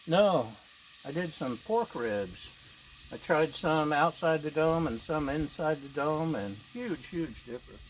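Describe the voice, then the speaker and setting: Playful cook over a loud sizzling griddle. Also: mid-range voice, lively intonation, a little slow, slight background noise, low-quality recording. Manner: playful, chatty, talks to the dogs. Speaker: home cook vlogger. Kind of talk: casual cooking commentary.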